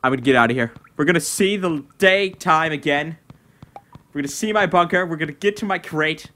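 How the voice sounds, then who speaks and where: Excitable young man, bright voice. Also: fairly high pitch, brisk. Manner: excitable, shouts and laughs at wins. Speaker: gaming video host. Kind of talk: let's-play commentary. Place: home room.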